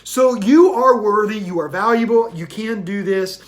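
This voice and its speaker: A man's voice: sits high, normal speed, a little hiss or hum. A man giving a motivational talk in an emphatic, repetitive style that builds in intensity. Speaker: motivational speaker.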